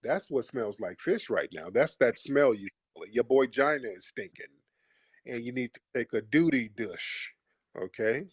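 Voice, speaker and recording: A man hosting a live call-in stream, mocking and insulting his callers bluntly with slow, drawn-out put-downs. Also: medium pitch, expressive, slightly rough, no room sound, studio quality. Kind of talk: combative call-in show talk.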